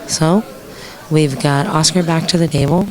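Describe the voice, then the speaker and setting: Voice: medium pitch, unhurried, noisy background. A commentator calling a pool match on a live stream, chatty and jokey, laughing easily. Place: pool hall. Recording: pool hall crowd audible behind.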